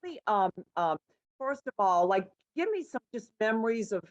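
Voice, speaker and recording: A woman's voice: mid-range voice, very animated, normal speed, highs cut off. A woman from New Orleans interviewing a guest in a chatty, meandering way with many fillers. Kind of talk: conversational interview.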